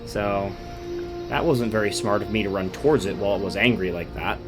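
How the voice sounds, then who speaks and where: A man's voice: lowish voice, a little fast, music in the background. A sleep-deprived man giving rambling, casual commentary while playing a survival game. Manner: rambling, self-interrupting, chatty. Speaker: gaming YouTuber.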